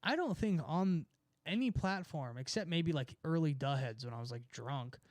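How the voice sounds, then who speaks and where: Young Californian man, mocking casual chatter, slightly high voice. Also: lively intonation, darkish tone, no echo. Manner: sarcastic, mocking, quick asides with laughs. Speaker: streamer. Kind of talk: casual ranting chat.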